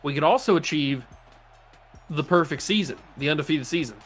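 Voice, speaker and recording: Gaming YouTuber, male, slightly high voice, lively play-by-play with playful trash talk, soft music underneath. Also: brisk. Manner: excitable, playful trash talk about his own plays. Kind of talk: gameplay commentary.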